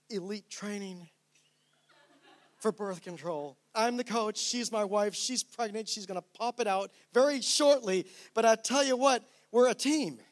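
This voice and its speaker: High-voiced man preaching a story. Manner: storytelling, animated with quick restarts. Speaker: pastor. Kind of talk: sermon.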